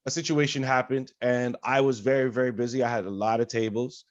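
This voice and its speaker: A man co-hosting a casual podcast who tells stories with animated, loud energy and a lot of swearing. He speaks at a middle pitch. His mic sounds dry and a little dull. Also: brisk, dry recording. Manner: animated storyteller, loud and profane when reenacting. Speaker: podcast co-host.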